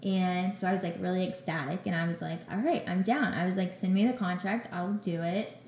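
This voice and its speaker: A young woman with a fairly low voice tells her story in a relaxed interview, slipping into lively quoted dialogue. The room is echoey, with a faint hum of ambience behind her. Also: brisk. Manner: animated, acts out her own quotes. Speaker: guest, baker and business owner.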